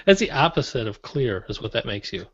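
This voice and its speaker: A man co-hosting a podcast in casual pre-show banter, laid-back and quick to laugh. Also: mid-range voice, big pitch swings, breathy edge. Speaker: podcast co-host. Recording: dry dull lo-fi audio.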